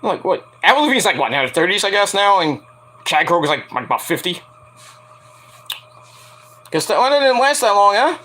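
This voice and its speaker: A man rants through a wrestling show recap, animated and sarcastic, with profanity throughout. His voice is high-pitched and bright. His pitch swings widely. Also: moderate pace, long pauses. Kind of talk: casual rant-style recap.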